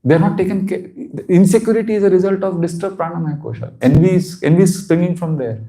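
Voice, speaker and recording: A man's voice: high voice, fast, gravelly, dark tone. A man giving a devotional seminar talk, earnest and repetitive for emphasis, often breaking into laughter. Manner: repeats phrases for emphasis. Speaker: spiritual teacher.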